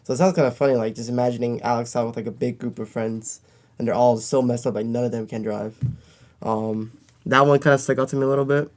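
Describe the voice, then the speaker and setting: A man's voice: mid-range voice, steady tone, quick pace, darkish tone. A man co-hosting a casual podcast, rambling with lots of filler words. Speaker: podcast co-host.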